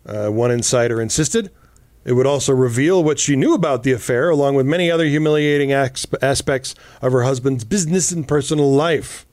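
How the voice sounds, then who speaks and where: A man's voice: mid-range voice, a little fast, a little mellow, no echo. A man co-hosting a casual political talk show, reading news items aloud and adding sarcastic asides. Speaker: podcast co-host.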